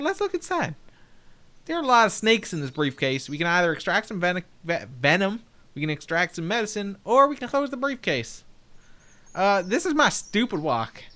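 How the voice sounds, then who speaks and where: Young guy doing lets play commentary, laughs a lot, kinda high clear voice. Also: big pitch swings, moderate pace, bright, forceful tone. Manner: playful, jokey, laughs often. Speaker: game streamer. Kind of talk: let's play commentary, reading dialogue aloud.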